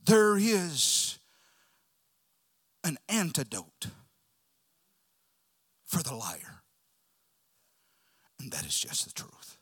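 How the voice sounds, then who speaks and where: A male preacher delivering a sermon, shifting from loud shouts to hushed whispers as he tells the story. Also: mid-range voice, vocal fry, slightly rough.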